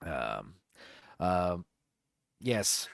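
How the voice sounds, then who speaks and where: A man's voice: sits low, sing-song, extremely slow, gravelly, no room sound, clean studio sound. A man co-hosting a podcast, chatting casually, swearing freely and slipping into mock voices. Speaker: podcast co-host. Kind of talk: casual chat.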